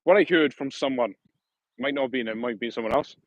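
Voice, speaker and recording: A man's voice: mid-range voice, brisk, dry recording, dull audio. A man hosting a casual livestream outdoors, rambling and correcting himself in a friendly, matey way. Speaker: livestream host.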